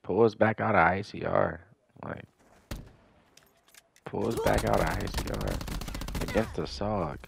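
A man's voice: fairly low pitch, slow, creaky, long pauses, a little hiss or hum. A young man giving profane gameplay commentary, ranting in exasperation about how his opponents play. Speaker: gaming commentator.

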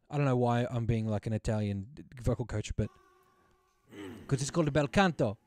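A man's voice: medium pitch, lively intonation, fast, darkish tone, dry recording, studio quality. A man hosting a music reaction stream, chatting casually and enthusiastically about vocal tracks, often laughing. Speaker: host reacting to multitrack stems.

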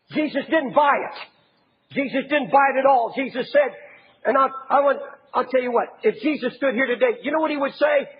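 A man preaching an impassioned sermon as a pastor, often raising his voice to a shout. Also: extremely high pitch, a little fast, breathy edge, phone-quality sound.

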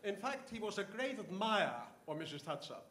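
An older man from Iceland, a professor telling anecdotes in an interview, halting with many fillers and restarts. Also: high-pitched, very animated, fairly bright tone, a little hiss or hum. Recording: echoey room, faint ambience.

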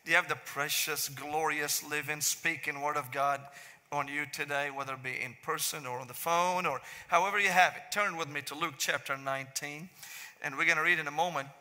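Syrian-accented male preacher, middle-aged, bright ringing tone, long reverb in a big sanctuary. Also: fairly high pitch, steady tone. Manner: joking storyteller turning to slow solemn prayer. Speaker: pastor. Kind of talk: sermon. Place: large church sanctuary.

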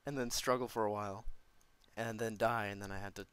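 A man narrating his own game play in chatty commentary, jumpy and quick to yelp and laugh. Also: fairly low pitch, noisy background. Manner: chatty, jumpy, yelps and laughs when startled. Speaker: let's play gamer.

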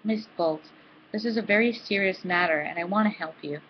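A woman playing a brisk, formal college dean. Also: on the low side, highs cut off, slight background noise, close to an everyday voice. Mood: businesslike. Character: stern, hearty middle-aged female college dean.

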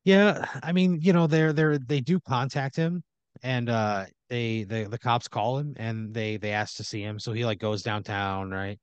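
A male podcast host improvises a darkly comic story for his co-host. He rambles and restarts, fumbles through fillers, and keeps chuckling at his own turns. His voice sits at a middle pitch and is recorded close and dry. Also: steady tone, a little slow, clean tone, dry recording, dull audio.

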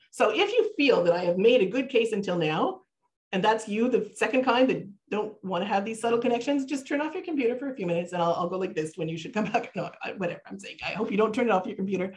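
A woman's voice: mid-range voice, lively intonation, quick pace. A woman giving a Torah class online from her computer. She moves between English explanation and read-out Hebrew verses, stopping often with fillers and restarts. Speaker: teacher.

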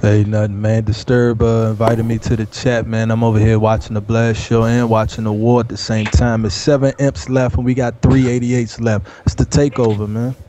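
A man's voice: lowish voice, flat delivery, normal speed, few pauses, warm tone. Teasing man on a noisy call. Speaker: guest caller. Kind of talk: casual gaming chat.

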